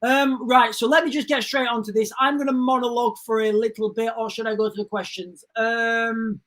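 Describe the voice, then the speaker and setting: A woman's voice: on the high side, steady tone, brisk. A woman hosting a livestream, speaking urgently and emphatically and constantly calling out to viewers. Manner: urgent, emphatic, keeps addressing viewers as guys. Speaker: livestream host. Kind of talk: livestream commentary.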